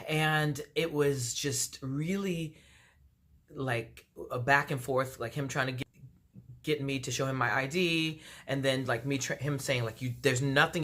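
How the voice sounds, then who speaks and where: Her voice is bass-low yet fairly bright, moving at a moderate pace. This D.C. woman, from Washington, D.C., vlogs a personal storytime monologue to camera, voicing both parties in the conversation and filling it with fillers.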